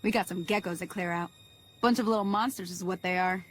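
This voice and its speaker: A woman's voice: fairly low pitch, steady tone, fairly quick, soft background music, close to an everyday voice. A woman voicing a folksy, easygoing frontier woman in a game who teaches a newcomer to shoot. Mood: friendly. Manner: drawling, down-to-earth, easygoing. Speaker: game character, ranch hand guide.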